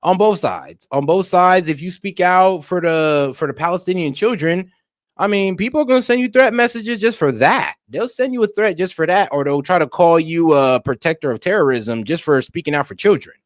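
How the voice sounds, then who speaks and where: A man giving loose, slangy casual commentary as a reaction streamer, thinking out loud. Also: sits high, expressive, normal speed, no room sound, studio quality.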